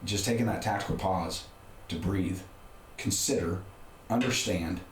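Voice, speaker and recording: Middle-aged man, very low voice, roomy sound, candid storyteller for an interview spot. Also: unhurried. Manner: candid, conversational, frequent restarts. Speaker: podcast guest. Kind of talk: casual personal storytelling. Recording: roomy room with faint background noise.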